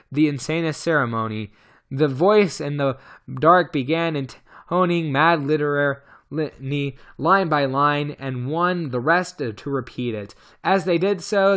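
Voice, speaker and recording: A man reads a novel as an amateur audiobook in a somewhat high voice that sounds bright and tense. He frequently stumbles over a word and starts it again.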